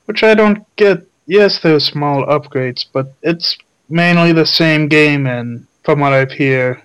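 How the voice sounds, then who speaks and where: A man co-hosting a casual gaming chat, relaxed and trailing off with filler words. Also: a little high, slow, clean tone, low-quality recording. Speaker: podcast co-host.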